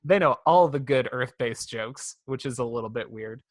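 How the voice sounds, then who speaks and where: A man's voice: medium pitch, moderate pace, dry recording. A man co-hosting a podcast, chatting casually about a cartoon with wry, sarcastic asides. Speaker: podcast co-host. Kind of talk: casual chat reviewing a cartoon.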